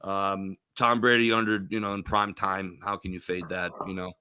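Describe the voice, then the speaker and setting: A man's voice: low-pitched, little pitch movement, moderate pace, bright, forceful tone, slight background noise. A man co-hosting a casual betting podcast, profane and enthusiastic. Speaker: podcast co-host. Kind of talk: casual sports betting chat.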